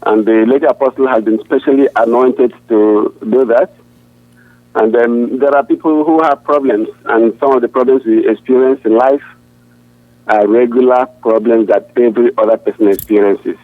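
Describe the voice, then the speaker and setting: A man, a pastor, answering interview questions in an earnest, halting way with frequent restarts. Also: medium pitch, steady tone, no room sound. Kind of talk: answering questions over a phone line. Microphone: phone. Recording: tinny dry phone line.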